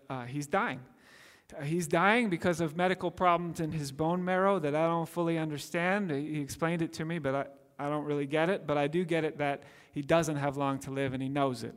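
Man preaching, high voice, earnest and emphatic, long church-hall reverb. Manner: earnest, with emphatic slowed phrases. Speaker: pastor. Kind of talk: sermon.

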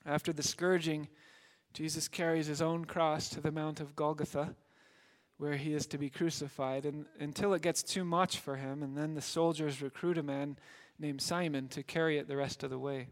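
A man preaching a sermon as a dramatic story, shifting between loud emphasis and hushed moments. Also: on the high side, little pitch movement, moderate pace. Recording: long hall reverb.

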